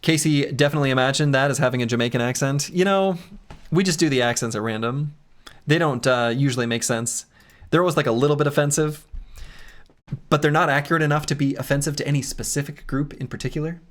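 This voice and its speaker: A man's voice: fairly high pitch, fast talker. A man streaming a game, chatting casually in a joking, rambling and self-mocking way. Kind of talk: casual gameplay commentary and chat.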